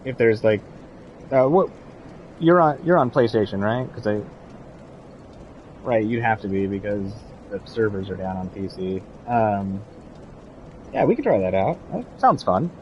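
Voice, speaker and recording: A man's voice: on the low side, lively intonation, a little slow, long pauses, lo-fi sound, slight background noise. A young man streaming a video game, chatting casually with his viewers and cheering on his in-game companion. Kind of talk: casual gameplay commentary.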